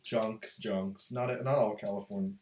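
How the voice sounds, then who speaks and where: A man's voice: fairly low pitch, steady tone, takes it slowly, a little mellow. A teenage boy co-hosting a casual student podcast, rambling, laughing often and losing his train of thought. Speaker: co-host. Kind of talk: casual chat. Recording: echoey room with faint noise.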